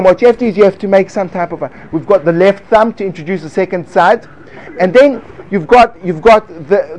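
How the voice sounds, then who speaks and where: High-voiced man giving a demonstrative lecture. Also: darkish tone. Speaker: instructor teaching how to teach Talmud. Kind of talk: mock lecture to a small group.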